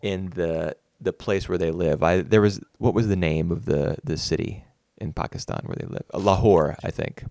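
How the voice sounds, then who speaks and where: A man's voice: low voice, moderate pace, creaky, few pauses, a little mellow, no room sound. A man co-hosting a casual film podcast, thoughtful and rambling with many fillers and restarts. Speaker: podcast co-host. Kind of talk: casual film review chat.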